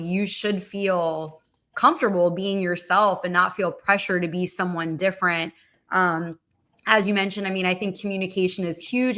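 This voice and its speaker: Bright-voiced chatty woman host. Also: fairly low pitch. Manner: chatty, many fillers. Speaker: podcast host. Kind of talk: casual livestream talk.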